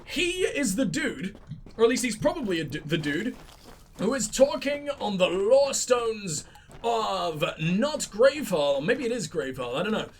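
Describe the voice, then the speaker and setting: A man with a stuffy nose, commenting on a game he is playing, sweary, sarcastic and excitable. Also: high-pitched, a little slow, a little hiss or hum. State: sick, stuffy-nosed. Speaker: let's play host. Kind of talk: gameplay commentary.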